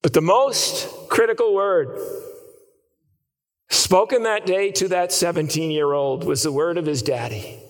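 A man preaching a sermon, telling a story dramatically and swinging between hushed and raised passages. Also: high voice, a little slow, big-room sound.

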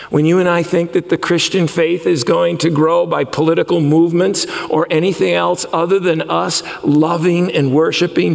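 A man preaching a sermon with passion, his voice swinging between high excited calls and low hushed moments. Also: vocal fry, long reverb tail. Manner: impassioned preaching, voice rising and falling widely. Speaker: pastor.

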